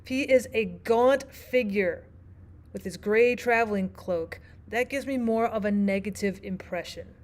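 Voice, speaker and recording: A woman teacher narrating a lesson, explaining clearly and asking the listener questions. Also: mid-range voice, measured pace, a little hiss or hum. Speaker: language arts teacher.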